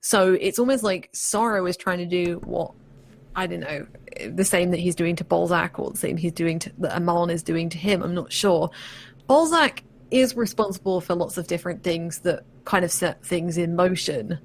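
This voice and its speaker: A woman co-hosting a podcast with a somewhat low voice for a woman. She talks loosely and laughs easily. She peppers her sentences with "like". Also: normal speed, a little hiss or hum. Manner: peppers speech with "like". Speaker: podcast co-host. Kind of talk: casual chat.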